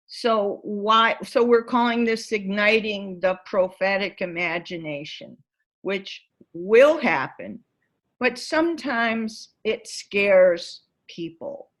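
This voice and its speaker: A woman facilitator telling a personal story to a gathering, unhurried and spacious in her pacing. Her voice sits at a middle pitch, and she brings each scene to life with lively, expressive storytelling. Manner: vivid, animated storyteller who acts out scenes. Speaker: workshop facilitator and author. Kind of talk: storytelling talk to a spiritual gathering.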